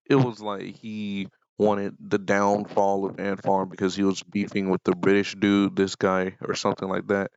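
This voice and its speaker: A young man with a very low, gravelly voice talks slowly and offhandedly in a casual vlog. The sound is dry and close but dull and lo-fi, and he drifts into deadpan asides. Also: no echo. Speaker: YouTuber. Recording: dull lo-fi mic.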